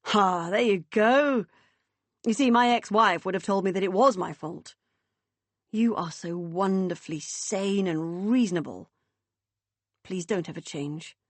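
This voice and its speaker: Picture a light, joking man in his thirties, easygoing and warm toward his partner, as a female narrator voices him. It is read close and dry, close to the narrator's own voice. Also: medium pitch, unhurried, dry recording, lightly acted.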